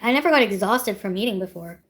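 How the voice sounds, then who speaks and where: A woman's voice: mid-range voice, expressive, fast. A woman from Canada, streaming and chatting casually, blunt and swearing freely as she tells stories with laughs. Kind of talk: casual livestream chat.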